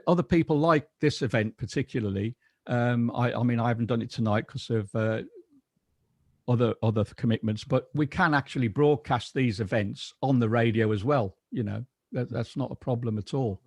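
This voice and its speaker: A man's voice: mid-range voice, steady tone, moderate pace, a little mellow, no echo, studio quality. A man on a video call, chatting casually and rambling with many restarts as he talks about his astronomy radio station.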